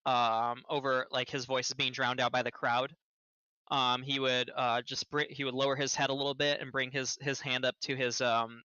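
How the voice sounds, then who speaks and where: Guy playing a tabletop game, halting, bright clear voice, dry dull lo-fi audio. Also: medium pitch, level tone, dry recording. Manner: halting, lots of ums and restarts. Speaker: player. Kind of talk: describing actions in a tabletop game.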